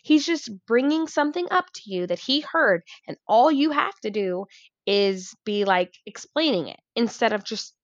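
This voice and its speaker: A woman's voice: fairly high pitch, animated, normal speed, no room sound. Woman co-host, casual chat, chatty and incredulous; slightly muffled, dry recording. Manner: chatty, filler-heavy, incredulous. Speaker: podcast co-host. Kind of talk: casual chat recapping a reality show. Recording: slightly dull, dry sound.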